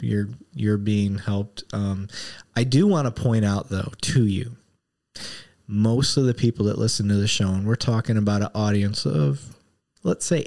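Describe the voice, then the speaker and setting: Guy in his 30s hosting a podcast, kinda low voice, rambles, open and candid. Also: darkish tone. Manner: candid, rambling, emotional at times. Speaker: podcast host. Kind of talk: casual podcast conversation.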